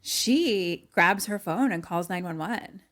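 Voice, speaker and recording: A young woman co-hosting a casual podcast, retelling a film scene by scene and acting out the characters' lines, with many fillers. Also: takes it slowly. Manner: animated storytelling, acts out lines in a higher voice, many "like" fillers. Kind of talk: casual chat.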